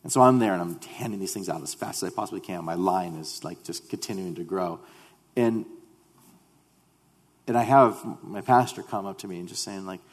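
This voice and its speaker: Deep-voiced man telling a testimony. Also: husky, big-room sound. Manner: halting, repeats words when starting sentences; earnest, animated storytelling. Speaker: speaker sharing a mission testimony. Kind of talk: personal testimony to a congregation.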